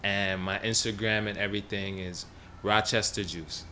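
A man's voice: on the low side, steady tone, moderate pace, bright, forceful tone, slight background noise. A man appearing as a guest on a podcast, mostly agreeing in short casual replies. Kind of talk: casual chat.

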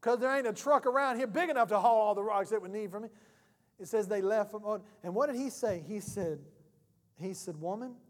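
A male pastor delivers a lively, joking sermon, talking to the congregation like a friend. His voice is high for a man. A long reverb from the church hall trails behind him. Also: brisk. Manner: animated, humorous, conversational preaching.

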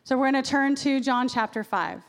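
A woman pastor giving a sermon in a church, lively and acting out the voices she quotes. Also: high-pitched, brisk. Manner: animated, acts out quoted voices. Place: church sanctuary. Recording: long reverb of a large hall.

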